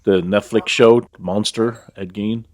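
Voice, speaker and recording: A man's voice: fairly low pitch, steady tone, a little slow. A man co-hosting a podcast, giving matter-of-fact opinions on a TV series in casual chat. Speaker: podcast co-host. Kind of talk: casual chat about TV shows.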